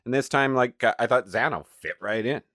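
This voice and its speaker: A man co-hosting a podcast, rambling casually with many halting restarts. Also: medium pitch, a bit bright, no room sound. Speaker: podcast co-host. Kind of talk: casual chat reviewing a TV episode.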